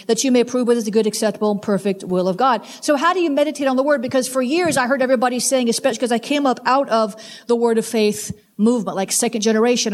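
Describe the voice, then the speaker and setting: A high-pitched woman delivering a sermon. She drives her points home with repeated, emphatic commands and speaks straight to her listeners. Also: a little mellow. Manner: emphatic, repetitive exhortations. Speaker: preacher.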